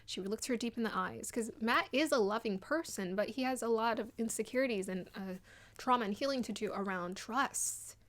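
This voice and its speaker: A young woman giving casual, animated commentary on a dating show, acting out quotes in an excited voice. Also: on the high side, normal speed. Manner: chatty and animated, mimics people in quotes.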